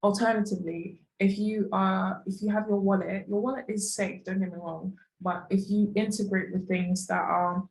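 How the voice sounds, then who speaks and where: A woman's voice: medium pitch, fairly even intonation, moderate pace, vocal fry, hardly any pauses, a little mellow, echoey room, rough recording. A young woman in her twenties teaching an online course lesson in a chatty, casual way, with lots of fillers and asides. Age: young adult.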